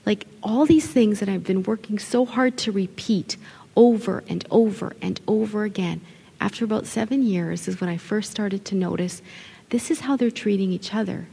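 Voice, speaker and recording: A middle-aged woman from an Italian family, a children's ministry leader, gives an expressive, conversational conference talk to other ministry leaders. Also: medium pitch, normal speed, creaky, breathy edge. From Italian family background. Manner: expressive, conversational, quotes people in acted voices. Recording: long hall reverb.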